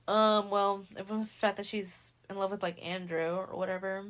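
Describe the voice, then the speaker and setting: A woman's voice: mid-range voice, moderate pace, hardly any pauses. Slangy young woman gushing over a book. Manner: animated, slangy, acts out characters' lines. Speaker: podcast host. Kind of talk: casual book recap.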